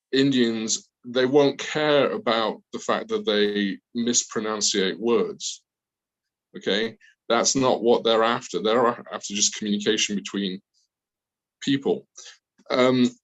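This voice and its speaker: A man's voice: medium pitch, rough recording. A middle-aged man from the north of England with a Northern English accent, addressing new students in a chatty, rambling way full of restarts. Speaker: English teacher. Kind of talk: online class introduction.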